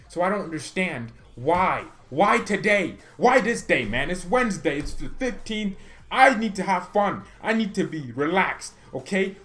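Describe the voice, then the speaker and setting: A man's voice: on the high side, a bit bright. Exasperated man ranting to his chat. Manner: exasperated, ranting, laughs often. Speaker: fan channel host. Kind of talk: live-stream rant reading chat.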